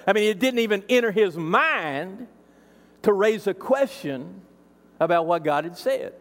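A man's voice: sits high, expressive, normal speed, in a large hall. A man preaching an expository sermon as a pastor, emphatic and building up through repeated phrases.

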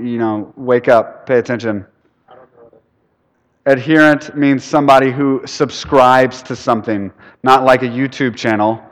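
A youth pastor preaches in a loose, conversational way, firing questions at the room and shifting between loud and hushed stretches. His voice sits at an ordinary middle pitch for a man. A long reverb trails every phrase, as if he stands in a big sanctuary. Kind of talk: sermon. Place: church building.

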